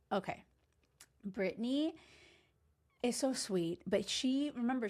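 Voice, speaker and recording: A woman in her forties, a dating coach, giving an emphatic, chatty recap full of "like" and strong opinions. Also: mid-range voice. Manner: emphatic, gushing, frequent "like". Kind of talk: casual recap commentary.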